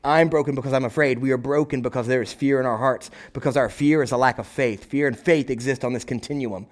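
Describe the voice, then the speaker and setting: A young adult male pastor preaching a conversational sermon, animated, often asking "right?" and acting out quotes. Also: medium pitch, quick pace.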